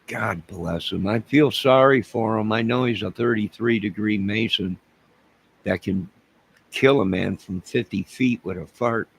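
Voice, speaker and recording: A man with a very low, gravelly voice rambles through a casual livestream, joking and answering his chat by name. His talk swings between loud outbursts and low mutters, with a husky edge throughout. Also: a little slow, rough recording. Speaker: livestream crime-case commentator.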